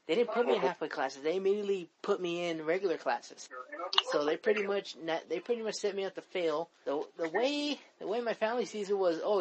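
This is a young man from talking at a rapid clip on a casual podcast. He rambles, circles back on his own words and swears freely as he vents. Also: fairly high pitch, lo-fi sound, a little hiss or hum. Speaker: podcast co-host. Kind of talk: casual chat.

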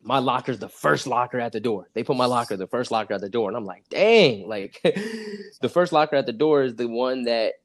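Animated young man telling a story. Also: medium pitch, a little fast. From California. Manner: animated, acts out dialogue, laughs often. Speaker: guest. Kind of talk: casual storytelling.

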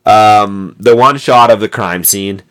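Deep-voiced man rambling about films. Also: slow pace, fairly bright tone. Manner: rambling, many fillers and restarts. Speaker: podcast co-host. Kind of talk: casual movie podcast chat. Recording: noisy amateur mic recording.

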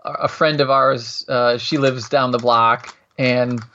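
A man chatting casually and telling long stories, full of restarts, acting out quotes in a higher voice. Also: little pitch movement, slow, bright, forceful tone. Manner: rambling storyteller, acts out quotes in a higher voice. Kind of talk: casual chat. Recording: muffled, lo-fi sound.

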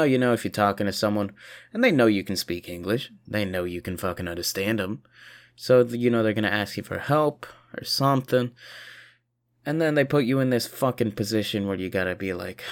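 A tired man rambling profanely through a casual video monologue, short on sleep. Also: lowish voice. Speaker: vlogger.

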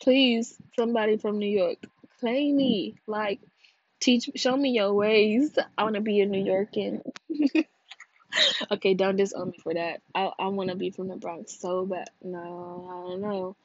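A young woman from California talks loosely through a solo gossip podcast, high and drowsy, cursing as she rambles. Her voice jumps from loud to a low mumble. The recording is dry and a little dull. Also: fairly even intonation, a little slow, dry recording. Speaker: podcast host. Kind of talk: casual gossip podcast monologue.

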